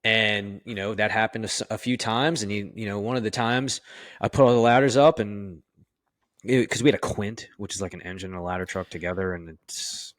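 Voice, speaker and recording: A man's voice: lowish voice, fairly even intonation, fairly quick, dry recording, studio quality. A man who is a fire officer, being interviewed and telling candid, profane stories full of "you know" and acted-out dialogue. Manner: acts out quoted dialogue in his stories. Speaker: firefighter officer guest. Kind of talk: casual interview storytelling.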